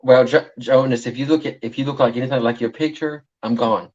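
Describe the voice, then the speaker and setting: A man's voice: mid-range voice, fairly even intonation, brisk, a little mellow. A man chatting as a livestream guest, modest and joking, stumbling over words now and then, over dull lo-fi call audio. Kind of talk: casual livestream chat.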